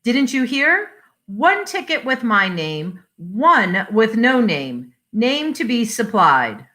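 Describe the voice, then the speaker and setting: Woman voicing a middle-aged husband, clipped, insistent, slow, lively pitch. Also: full character voice. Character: impulsive middle-aged husband, blunt and bitter.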